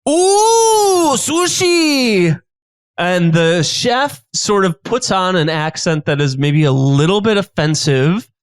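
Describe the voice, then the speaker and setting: Brief: high-pitched male improviser, rambling scene description with lots of ums. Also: unhurried, hardly any pauses, clear, resonant tone, no room sound, studio quality. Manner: rambling, many fillers and restarts. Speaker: improv comedian guest.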